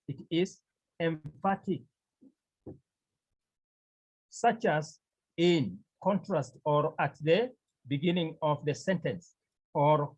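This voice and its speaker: A man's voice: on the high side, a little mellow, husky, highs cut off. A man teaching a Greek grammar lesson to a class, repeating key phrases and asking the students questions.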